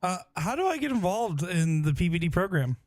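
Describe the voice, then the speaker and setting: A man with a notably high voice, recorded close and dry with no room sound. He chimes into a darts broadcast with a chatty, playful anecdote. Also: very animated, brisk, no room sound. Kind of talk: casual banter on a darts stream.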